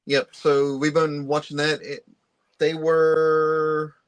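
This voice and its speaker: A man's voice: on the high side, monotone, slow, clear, resonant tone. A man co-hosting a podcast, easygoing and explaining things at length in casual chat. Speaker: podcast co-host.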